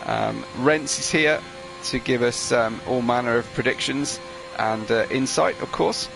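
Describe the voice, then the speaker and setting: A man's voice: mid-range voice, unhurried, creaky, music in the background. A man commentating an online racing qualifying session, chatty, reading out viewer messages with frequent fillers. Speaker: race commentator.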